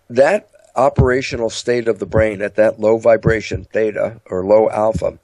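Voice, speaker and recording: A man giving a lecture-style talk about the mind, telling stories and acting out inner dialogue. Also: dry recording. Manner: animated storytelling, acts out inner dialogue in higher voices. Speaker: speaker on biology and the mind.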